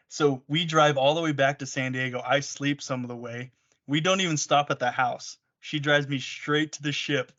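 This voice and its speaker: Bright-voiced man telling a lively story. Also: medium pitch. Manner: animated storyteller acting out quotes. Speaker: podcast co-host. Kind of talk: casual chat. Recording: dull lo-fi recording.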